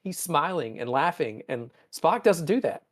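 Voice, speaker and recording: A man's voice: a little high, very animated, normal speed, pitched above the performer's own voice. A man voicing an anxious young male ensign while retelling a show, talking in a fretful rush.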